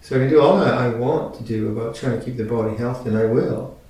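Man in his 60s doing a dharma talk, slow and halting, bit of humor, very echoey and far from the mic. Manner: unhurried, halting, gently humorous. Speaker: Buddhist teacher. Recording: very echoey room, mic at a distance, faint rumble.

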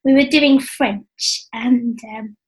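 A woman in her forties with an English accent speaks in a relaxed, chatty way. Her voice sits a little high and sounds young, almost childlike. She tells her story with self-deprecating humour and frequent laughter. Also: slow, poor audio. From England. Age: 40s. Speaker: business coach. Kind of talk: casual interview. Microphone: headphones with mic.

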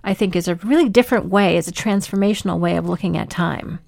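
A woman's voice: fairly low pitch, fast, vocal fry, a little mellow, no room sound, studio quality. A woman co-hosting a podcast who talks thoughtfully, sums up ideas and affirms what she hears. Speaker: podcast co-host. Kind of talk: conversational podcast talk.

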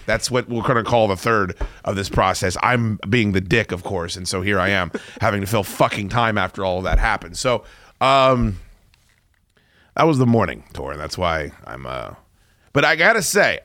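A man's voice: fairly low pitch, pushed and bright, dry recording, clean studio sound. Profane self-mocking man in his forties. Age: 40s. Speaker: radio host. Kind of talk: casual on-air storytelling.

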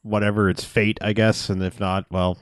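Low-voiced man recapping a movie. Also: little pitch movement, normal speed, no room sound, clean studio sound. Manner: rambling, acts out lines in goofy voices. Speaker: podcast co-host. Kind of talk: casual movie recap chat.

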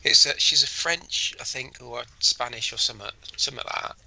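A man's voice: mid-range voice, brisk, gravelly, pushed and bright, poor audio. A man co-hosting a podcast, chatting in an easygoing, enthusiastic way. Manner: easygoing, enthusiastic, laughs often. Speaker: podcast co-host. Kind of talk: casual chat.

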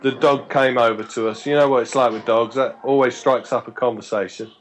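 Man, podcast guest, storytelling, chatty, stop-start restarts, mid-pitched voice. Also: steady tone, fairly quick, rough recording. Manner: chatty, restarts words, acts out quoted dialogue. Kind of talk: anecdotal storytelling.

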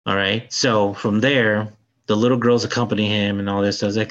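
A man co-hosting a casual podcast, excitedly recounting a film's plot and acting out the characters' lines. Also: on the low side, brisk, lo-fi sound. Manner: animated retelling, acts out character lines. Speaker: podcast co-host. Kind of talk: casual film review chat.

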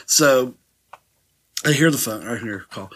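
A man's voice: mid-range voice, a little slow, slightly rough. A man co-hosting a casual podcast, telling a work story with lots of laughter and swearing. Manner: laughs often while telling stories, swears freely. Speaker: podcast co-host.

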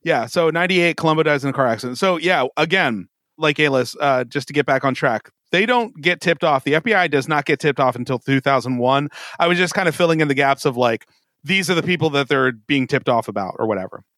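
A man's voice: on the high side, animated, brisk, a bit bright, dry recording, studio quality. A tipsy man hosting a podcast, telling a crime story in a casual, swearing way and laughing often. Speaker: podcast host. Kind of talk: casual true-crime chat.

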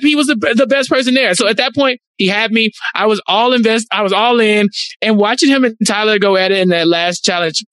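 A man chatting casually as a podcast co-host, animated, telling a story full of "like" fillers. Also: sits high, fairly quick, dry recording. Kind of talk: casual chat.

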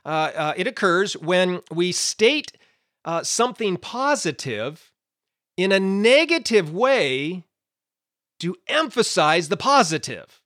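A man's voice: high-pitched, sing-song, takes it slowly, fairly bright tone, dry recording, studio quality. A man teaching the Bible in a conversational way, explaining with everyday examples and often checking in with his listeners.

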